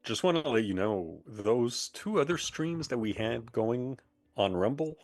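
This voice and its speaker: Slow gravelly-voiced man co-hosting. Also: mid-range voice, animated, dry recording. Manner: hesitant, halting remarks to the host. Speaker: co-host. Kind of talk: casual live-stream chat. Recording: dry close sound.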